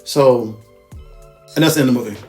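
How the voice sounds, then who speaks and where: The speaker is a male movie reviewer, mid-range in voice and fairly quick, giving an offhand plot summary. It's profane and rambling, peppered with self-corrections, over faint background music.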